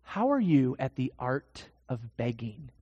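A pastor delivering a dramatic sermon in a church, swinging from hushed to loud. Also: mid-range voice, very animated, measured pace, husky, no room sound, in a large hall, dull audio.

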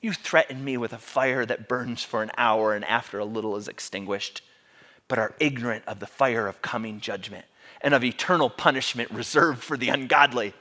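A man voicing an elderly martyr in his eighties who answers with calm, bold defiance. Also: medium pitch, normal speed. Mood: defiant. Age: 80s. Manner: steady, defiant.

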